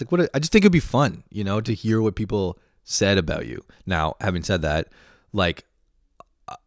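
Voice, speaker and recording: A man's voice: fairly low pitch, normal speed, no room sound, clean studio sound. A man in his late twenties hosting a podcast, rambling through a casual, profane and self-mocking monologue. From Canada. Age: late 20s. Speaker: podcast host.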